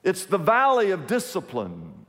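A man preaching a sermon as a pastor, telling stories in an animated way and repeating his phrases. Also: high voice, unhurried, long reverb tail. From Kansas, USA.

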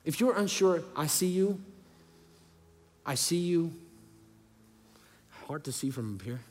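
A man with a high, lifted voice preaches in a church, shifting from booming, joking outbursts to soft, hushed pleas. His casual slang and humor keep the sermon lively. A long reverb from the hall trails every phrase. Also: takes it slowly, slight background noise. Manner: animated, swings from loud to hushed.

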